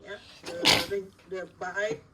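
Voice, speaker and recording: A woman with an Indonesian accent giving an academic lecture, talking haltingly with many fillers and repeated "yeah" tags. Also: mid-range voice, steady tone, heavy background noise. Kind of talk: academic lecture on dental materials. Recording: distant mic, faint room ambience.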